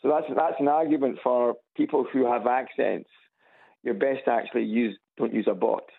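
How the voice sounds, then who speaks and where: A man from Scotland with an Edinburgh accent, calling a radio show on a speakerphone and chatting in a halting, repetitive way with dry humor. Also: mid-range voice, steady tone. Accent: Edinburgh Scottish. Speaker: radio caller. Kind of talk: casual phone-in chat. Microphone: phone on loudspeaker. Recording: gravelly voice over a tinny phone line.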